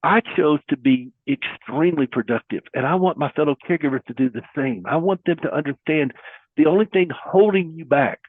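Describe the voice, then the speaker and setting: Middle-aged male guest, earnest and preacherly, slightly high husky voice, dry phone-quality audio. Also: brisk, dry recording. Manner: earnest, preacherly, uses folksy metaphors. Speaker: guest caregiver advocate. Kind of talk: conversational interview. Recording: husky voice over a thin phone-like line.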